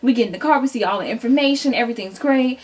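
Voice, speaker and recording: Young woman, casual storytime vlog, animated, chatty, acts out quotes, somewhat high voice. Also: rapid-fire. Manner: casual, chatty, addresses viewers directly. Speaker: vlogger.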